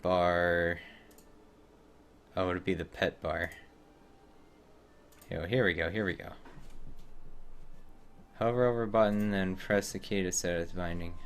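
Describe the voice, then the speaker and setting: A man with a fairly low voice gives relaxed, wry commentary while playing a game. He talks to himself and to the characters on screen in an offhand, chatty way. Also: slow pace, pauses often, slight background noise. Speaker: streamer. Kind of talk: casual gameplay commentary.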